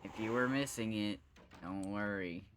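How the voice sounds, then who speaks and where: A man's voice: lowish voice, moderate pace, a bit bright, a little hiss or hum. A man streaming a video game live, thinking aloud and swearing often as he works through the level. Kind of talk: live gameplay commentary.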